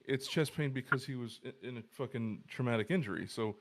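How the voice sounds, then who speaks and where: A man of middle pitch talks bluntly on a live podcast, swearing freely and stumbling over his opening words before he settles into an explanation. The delivery is casual and plain-spoken. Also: brisk. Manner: blunt and profane, stammers into his points. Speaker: paramedic podcast co-host.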